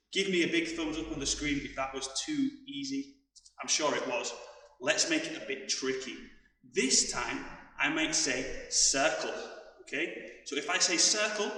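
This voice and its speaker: A man leading an online judo class for children, calling out directions as he moves and getting out of breath. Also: on the high side. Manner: shouts commands while moving. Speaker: judo coach. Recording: echoey hall, mic far off.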